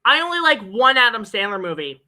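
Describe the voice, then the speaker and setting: A woman's voice: fairly high pitch, big pitch swings, a little fast, sharp tone, low-quality recording. A woman hosting a stream, chatting casually, joking and rambling with a lot of swearing. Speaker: stream host. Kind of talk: casual chat.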